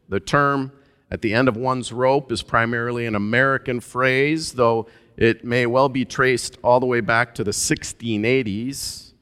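A male pastor preaching a sermon in a relaxed, conversational way, musing aloud with frequent filler sounds. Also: mid-range voice, clean tone, long reverb tail. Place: church sanctuary.

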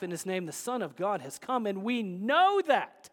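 A man preaching a sermon as pastor, emphatic, swinging between loud declarations and hushed asides. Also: sits high, very animated, normal speed, few pauses, big-room sound.

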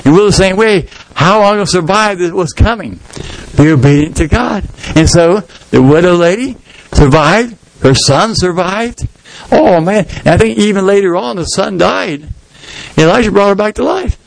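A man's voice: high-pitched, lively intonation, moderate pace, gravelly, dry recording, rough recording. A middle-aged man preaching a sermon as pastor in a folksy, storytelling way, acting out the people in the story. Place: church sanctuary.

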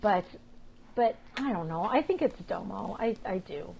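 A woman co-hosting a podcast, chatting casually and telling rapid, animated stories full of swearing. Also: mid-range voice, gravelly, a little hiss or hum, low-quality recording. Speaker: podcast co-host. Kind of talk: casual chat.

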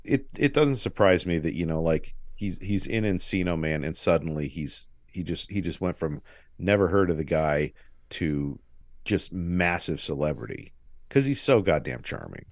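A man with a very low voice talks in a relaxed, agreeable way and rambles with frequent restarts. The sound is dry and close, with no room echo. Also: moderate pace. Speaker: podcast co-host. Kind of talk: casual chat.

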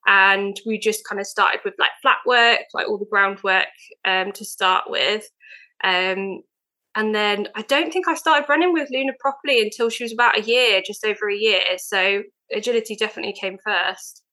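Woman, young, bright-toned podcast guest, eager and filler-heavy. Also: mid-range voice, moderate pace, rough recording. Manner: chatty and eager, many fillers. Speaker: guest, veterinary nurse. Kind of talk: casual podcast chat.

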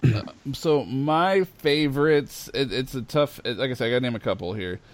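A man's voice: medium pitch, moderate pace. A man hosting a casual chat, talking with enthusiasm and laughing easily. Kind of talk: casual chat about comics.

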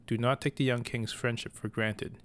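A man's voice: mid-range voice, steady tone, normal speed, lightly acted. A man voicing a furious scolding mother. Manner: shouting, scolding. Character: furious stern mother and priestess, a woman.

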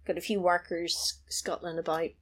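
Woman gabbing about a film, lively storyteller, cusses, laughs a lot. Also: lowish voice, moderate pace. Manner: animated storyteller who swears and laughs easily. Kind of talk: casual chat, retelling a film.

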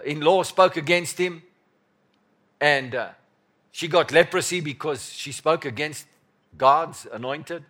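A man preaching a sermon as pastor, emphatic and repetitive, swinging from loud bursts to quiet murmurs. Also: on the high side.

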